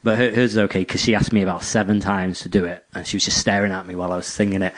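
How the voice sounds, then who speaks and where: Speaking very fast with few pauses, this lowish-voiced man co-hosts a podcast, rambling through stories in casual chat. He animates them with acted-out quotes.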